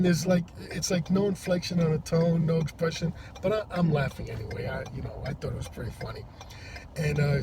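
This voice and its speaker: A man who drives for a rideshare service, telling a story to camera in a halting, rambling way, from inside a parked car. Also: a little high. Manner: rambling, halting with many restarts. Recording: distant mic with loud traffic noise. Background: loud vehicle and road noise.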